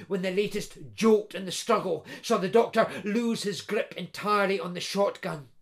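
Creaky-voiced male audiobook narrator. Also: high voice, steady tone, normal speed. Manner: vivid storytelling, building tension in action scenes.

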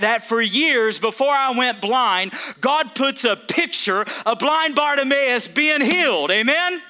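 A man's voice: high voice, bright, forceful tone, clean tone. A man preaching a sermon, emphatic, calling out to the congregation for responses. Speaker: pastor.

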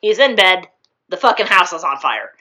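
A woman's voice: on the low side, very animated, moderate pace, background noise. A young woman casually recapping a show with a friend, rambling, swearing freely and laughing often. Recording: muffled lo-fi recording.

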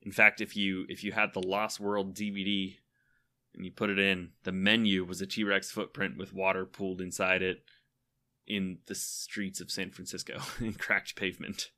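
A man's voice: low-pitched, little pitch movement, moderate pace, sharp tone. A young man co-hosting a podcast, chatting casually and enthusiastically, often laughing as he rambles. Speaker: podcast co-host. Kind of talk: casual chat.

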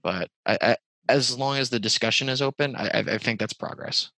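A man's voice: medium pitch, a little fast, sharp tone, dry recording, low-quality recording. A man from New Jersey chatting casually as a guest, hesitant and full of fillers. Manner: hesitant, stacks filler words. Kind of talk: casual chat.

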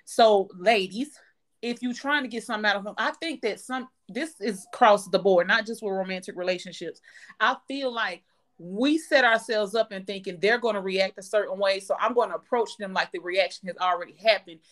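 A woman's voice: medium pitch, fairly quick, fairly bright tone. A woman in her thirties co-hosting a casual chat, blunt and profane, giving advice. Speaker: podcast co-host.

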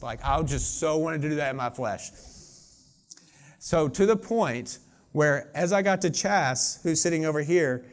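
A man's voice: on the high side, lively intonation, a little slow. Earnest conversational male preacher. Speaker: pastor. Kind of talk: sermon.

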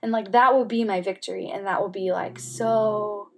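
A woman speaking as an interview guest, telling a personal story candidly with many "like" fillers and softening at times to a near-whisper. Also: mid-range voice, steady tone, moderate pace, creaky. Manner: candid, heavy use of "like" fillers; emotional, drops to soft near-whispers.

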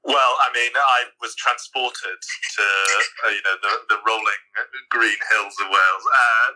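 A man joining a podcast as a guest, speaking in a measured, hesitant way. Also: on the low side, steady tone, sharp tone, low-quality recording. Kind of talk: casual chat.

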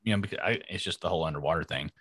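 A man's voice: deep voice, racing, a bit bright, breathy edge, no echo, clean studio sound. A man co-hosting a casual podcast, bantering and laughing easily. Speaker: podcast co-host. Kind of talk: casual chat.

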